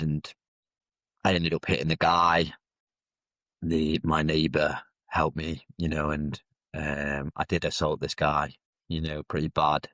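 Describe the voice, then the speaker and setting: Man in his 30s, guest storyteller, very low and level voice, dry close sound, halting and reflective. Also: fairly bright tone, no room sound. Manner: reflective, halting, with frequent fillers and restarts. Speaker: podcast guest. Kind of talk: candid personal storytelling.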